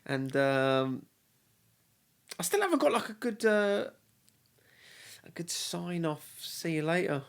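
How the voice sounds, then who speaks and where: A man's voice: a little high, very animated, slow pace, vocal fry, long pauses, clean tone. A man hosting a casual chat, easygoing and a little hesitant, often trailing off mid-thought. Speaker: podcast host.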